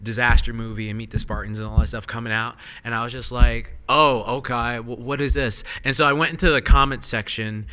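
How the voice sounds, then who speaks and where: A man speaks with a very bright, sharp tone at an ordinary pitch. He tells a rambling, animated story in casual panel talk, full of asides. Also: a little fast, hardly any pauses. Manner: rambling, animated, many "I was just like" asides. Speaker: podcast panelist. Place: convention panel room with audience.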